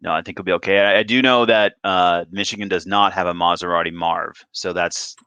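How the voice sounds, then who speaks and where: A man's voice: low-pitched, steady tone, fairly quick, sharp tone, smooth, dry recording, highs cut off. A man co-hosting a sports podcast, talking casually and rambling with frequent restarts. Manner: rambling, self-interrupting, restarts often. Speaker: podcast co-host.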